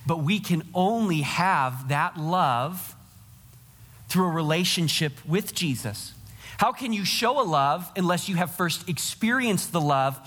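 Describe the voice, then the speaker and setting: A man's voice: a little high, lively intonation, a little slow, a bit bright, in a large hall. A man preaching a sermon to his congregation, earnest and direct, speaking to them as their pastor.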